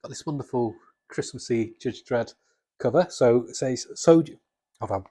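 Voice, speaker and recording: A man with a husky voice chatting casually and enthusiastically about comics, rambling with restarts. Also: medium pitch, moderate pace, dark tone, no room sound. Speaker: comics vlogger. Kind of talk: casual chat.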